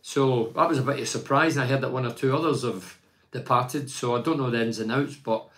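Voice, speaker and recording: A man's voice: medium pitch, fairly quick, a bit bright. An older man talks football in a loose, chatty way, giving blunt verdicts and wandering off on tangents. He reads fan messages aloud and answers them in his own plain, opinionated voice. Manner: blunt and opinionated, rambling with restarts. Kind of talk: casual fan chat.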